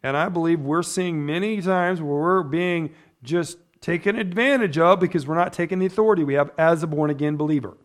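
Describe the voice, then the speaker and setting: Chatty pastor, a man with a higher voice. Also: a little fast, hardly any pauses. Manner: chatty, tags points with "right?" and "amen?". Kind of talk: conversational sermon. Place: church.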